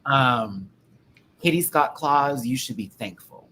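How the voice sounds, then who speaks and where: A man's voice: medium pitch, expressive, takes it slowly, sharp tone, low-quality recording. A man hosting a casual pop-culture chat show, talking in a sassy, rambling, profane way. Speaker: podcast host.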